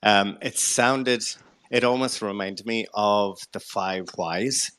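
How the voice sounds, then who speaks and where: A man's voice: lowish voice, slow, a bit bright, clean tone. A man with an Irish accent, a guest in a casual live chat, politely and reflectively asking the host a question, with many hesitant fillers.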